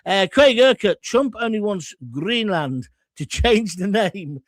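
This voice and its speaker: A man's voice: sits high, lively intonation, a little slow, no echo. A man hosting a live stream, reading out viewer comments and answering them in a blunt, combative, joking way. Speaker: host.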